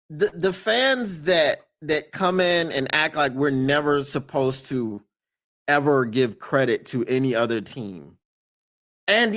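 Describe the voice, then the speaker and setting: A man hosting a podcast live stream in casual chat, emphatic and quick to laugh, repeating his points for effect. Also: on the high side, a bit bright.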